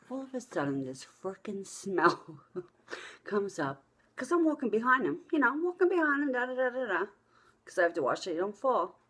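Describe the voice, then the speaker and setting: A middle-aged woman vlogging to camera, telling blunt, profane stories in a casual, animated way. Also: mid-range voice, breathy edge.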